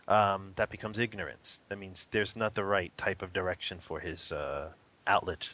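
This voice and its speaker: A man answering interview questions about anger, animated and quick to laugh. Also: fairly low pitch, a little hiss or hum. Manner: animated, laughs often, acts out a toddler's cries. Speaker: interview guest, spiritual teacher. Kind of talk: casual interview. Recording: dull lo-fi audio.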